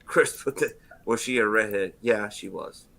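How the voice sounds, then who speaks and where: A man in his forties hosting a casual bar-style talk show, telling loud, profane stories and acting out the quotes. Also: fairly low pitch, moderate pace, vocal fry, a crowd in the background. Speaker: podcast host. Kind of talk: casual bar-room chat.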